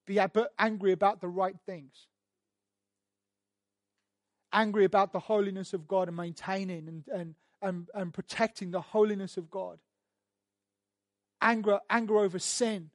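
A man preaching a sermon as a pastor, emphatic and repetitive, swelling louder as he drives his points home. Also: high voice, fairly even intonation, measured pace, long pauses, no echo, clean studio sound.

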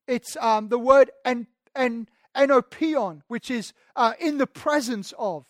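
A man's voice: extremely high pitch, measured pace, few pauses, dry recording, studio quality. A man preaching a sermon in a conversational way, building to emphatic rises. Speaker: pastor.

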